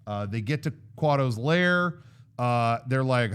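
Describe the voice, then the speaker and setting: A man in his thirties co-hosting a casual movie chat, recapping the plot and acting out scenes with sudden shouted lines. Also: medium pitch, slow, clean tone. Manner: animated storyteller, acts out scenes with sudden shouted quotes. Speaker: co-host of a movie discussion show.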